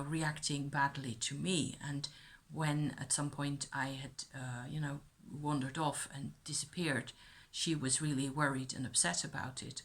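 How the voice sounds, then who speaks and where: A middle-aged woman thinking aloud about her childhood in a reflective personal monologue, with many pauses and restarts. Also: low voice, a bit bright. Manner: thoughtful, musing, with many fillers and restarts.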